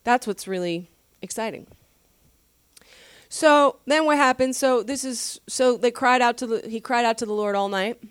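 A woman's voice: on the high side, normal speed, clear, resonant tone, no room sound, clean studio sound. Chatty woman pastor teaching Scripture. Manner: conversational, chatty with frequent laughs and fillers; animated, slangy asides. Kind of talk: casual Bible teaching.

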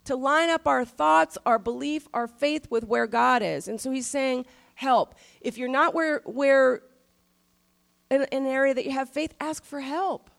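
Woman pastor preaching, chatty but hits the big lines slow and loud, kinda high voice. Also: gravelly. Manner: conversational, emphatic on key phrases. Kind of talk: sermon.

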